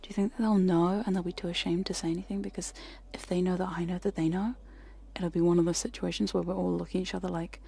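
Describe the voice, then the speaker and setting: A young woman in a whispered role-play style ASMR livestream, chatting casually and giggly, whispering close to the mic and slipping into soft speech. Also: lowish voice, level tone, quick pace, creaky, husky. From United Kingdom. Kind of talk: whispered chat on stream. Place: home streaming setup. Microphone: close condenser mic.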